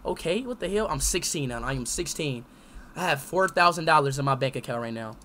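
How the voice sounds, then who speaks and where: Excitable young male streamer, yelling and muttering. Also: fairly high pitch, brisk, heavy background noise. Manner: excitable, swings between loud yelling and muttered self-talk. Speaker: live streamer. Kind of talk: live gameplay commentary. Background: loud music.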